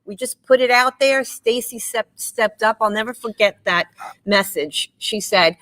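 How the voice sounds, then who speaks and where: A middle-aged woman from New York, guest on a live stream, chatting warmly and telling stories with quoted dialogue. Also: fairly high pitch, measured pace. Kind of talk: casual live-stream chat.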